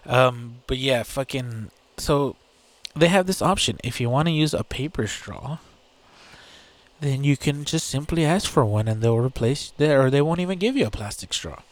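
A man's voice: mid-range voice, animated, unhurried, long pauses. Profane, sarcastic man ranting solo. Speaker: podcast host. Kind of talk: casual solo rant.

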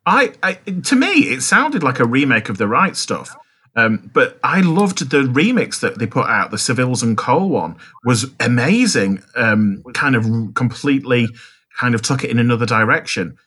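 A man co-hosts a casual podcast chat and lays his disgust on thick and theatrically. His voice is slightly husky and sits at a medium pitch. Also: big pitch swings, normal speed, bright, forceful tone. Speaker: podcast co-host.

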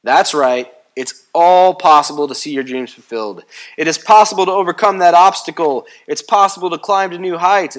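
A preacher delivers a sermon, his storytelling playful and comic. He swings from loud and quick to slow and hushed, and his voice sits on the higher side for a man. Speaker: pastor. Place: church.

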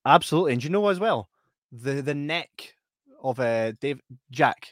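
A Scottish man chats casually and tells funny stories, laughing a lot and acting out voices in an animated way. His mid-range voice moves at a normal speed, recorded at studio quality with no echo.

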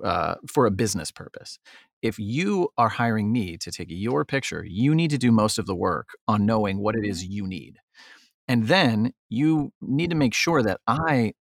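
A man's voice: fairly low pitch, vocal fry, no echo, clean studio sound. A man being interviewed as a photographer, talking casually and acting out quotes as he tells stories. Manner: animated, acts out quotes. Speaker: guest, photographer. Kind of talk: casual interview talk, storytelling.

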